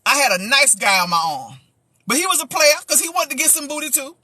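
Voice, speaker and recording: Woman pastor telling stories on a live, sharp bright voice, dry sound, chatty and preachy. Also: sits high, fast talker, dry recording. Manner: lively, chatty, with sound effects and preachy asides. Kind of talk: casual storytelling on a livestream.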